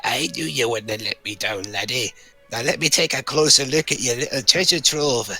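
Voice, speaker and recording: An English man voicing a scheming Scottish male coin merchant with a Scottish accent, in a sly, wheedling sales pitch. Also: normal speed, pushed and bright, breathy edge, soft background music.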